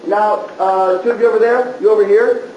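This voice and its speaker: A man directing a rehearsal and giving brisk blocking instructions. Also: high-pitched, fairly even intonation, dull audio. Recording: very echoey room, heard from far, noisy.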